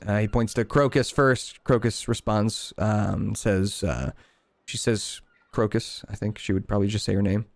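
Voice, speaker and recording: A man narrating a tabletop role-playing game as game master in a loose, relaxed way, with plenty of fillers. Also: fairly low pitch, normal speed, gravelly, dry recording.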